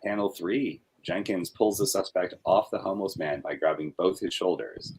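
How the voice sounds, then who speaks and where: Man, deep voice, husky, reading panel descriptions aloud, flat delivery. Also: moderate pace. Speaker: workshop participant reading script aloud.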